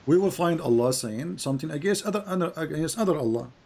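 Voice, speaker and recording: A man with a fairly high voice hosts a live-streamed debate, pushing his points and repeating questions until they land. His voice is wearing thin and hoarse, with frequent throat-clearing. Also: lively intonation, fast, a little mellow. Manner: pressing, repeats questions, interrupts. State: losing his voice. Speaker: debate host.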